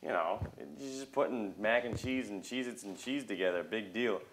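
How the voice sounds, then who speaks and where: A man's voice: fairly low pitch, moderate pace, slight background noise. Chatty young man cooking in a kitchen. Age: young adult. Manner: chatty, folksy, talking through each step. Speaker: cooking show host. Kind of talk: casual cooking demonstration. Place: unfamiliar home kitchen.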